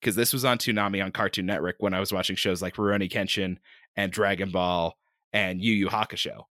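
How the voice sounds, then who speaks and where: A man who is a podcast producer banters and teases during a casual game, often laughing. His voice is somewhat low yet bright and forward. The recording is dry and close. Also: fairly even intonation, fairly quick, no room sound. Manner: teasing, laughs, rambles through restarts.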